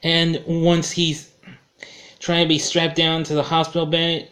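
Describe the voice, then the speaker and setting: A man's voice: a little high, completely flat delivery, a little slow, fairly bright tone. A man giving a casual film review, rambling and correcting himself as he goes. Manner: rambling, self-correcting, chuckles at his own slips.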